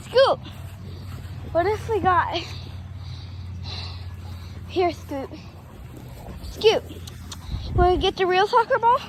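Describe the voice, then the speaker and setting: Out in a yard, a young girl talks to her dog for a casual vlog in a very high, animated woman's voice, going slowly and pausing often. She coaxes and chats to him in a playful sing-song, with slight noise in the background.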